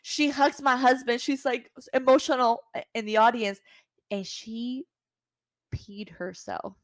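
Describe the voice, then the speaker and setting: A woman from Cuba, a singer and podcast guest, telling a story casually and acting out the voices she quotes with big jumps in pitch. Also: fairly even intonation, unhurried, no room sound, clean studio sound.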